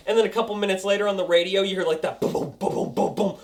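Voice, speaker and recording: Young male TV reviewer, casual and excitable, acts out the action with sound effects. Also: high voice, fast talker, hardly any pauses. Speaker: TV episode reviewer.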